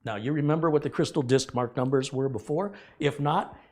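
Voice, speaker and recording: A man's voice: medium pitch, a little fast, darkish tone. A middle-aged man hosting a computer repair tutorial, talking earnestly and rambling as he corrects himself. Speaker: tech channel host. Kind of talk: casual tech tutorial.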